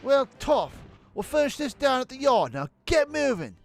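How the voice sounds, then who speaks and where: A man voicing a plucky, bossy street girl, brash and commanding in a high, loud voice. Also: big pitch swings, normal speed, vocal fry, faint music behind, full character voice.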